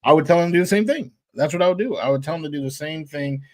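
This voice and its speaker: A man co-hosts a casual sports talk show in a voice pitched slightly high. He is relaxed and laughs easily, often pausing on fillers as he works out his point. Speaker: podcast co-host.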